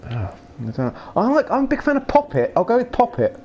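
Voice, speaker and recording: A young man chatting casually and playfully with his live chat while streaming a game, rambling and breaking into silly shouts. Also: very high-pitched, huge pitch swings, brisk, muffled recording, slight background noise.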